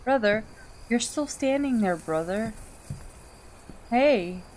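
A woman giving casual commentary on a horror game she is playing. She swings from quiet mutters to shrieks and laughs often. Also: fairly high pitch, lively intonation, takes it slowly, slight background noise. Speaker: gaming channel host.

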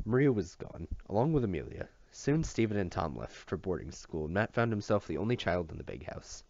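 Male audiobook reader, expressive with small slips, low voice, lo-fi dry sound. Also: fairly quick, vocal fry, no room sound. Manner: expressive, occasional slips and rereads. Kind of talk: reading a novel aloud. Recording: dull lo-fi dry recording.

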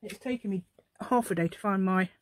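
A woman's voice: medium pitch, a little fast, very noisy. A middle-aged woman demonstrating a craft project, rambling and chatting to herself in a playful put-on posh telephone voice. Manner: rambling, chatty, talks to herself while working. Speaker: crafting channel host.

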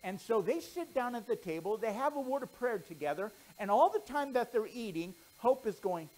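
Male pastor, animated children's storyteller, lively swings in pitch. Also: moderate pace, hardly any pauses, poor audio. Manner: animated storyteller, then earnest preaching.

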